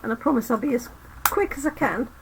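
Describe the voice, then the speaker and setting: A woman's voice: a little high, quick pace, noisy background. A woman hosting a live card-making demo, losing her voice, chatting to viewers as she works. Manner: chatty, talks to viewers while working. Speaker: crafting channel host.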